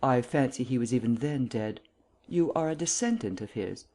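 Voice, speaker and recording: A reader voicing a polite, self-deprecating young gentleman who muses wryly about himself. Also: mid-range voice, animated, moderate pace, lightly acted. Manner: wry, musing, polite.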